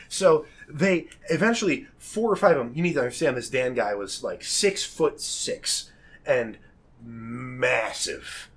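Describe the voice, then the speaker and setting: A young man telling a wild story on a podcast in a casual, animated way. He laughs often, swears freely and acts out the people he quotes. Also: mid-range voice, a little slow, slightly rough.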